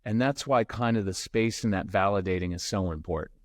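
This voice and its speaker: This is a middle-aged podcast guest and parenting expert whose fairly low voice runs a little fast. Telling stories in a relaxed interview, he acts out what others said with lively flair, captured in a dry, studio-quality recording.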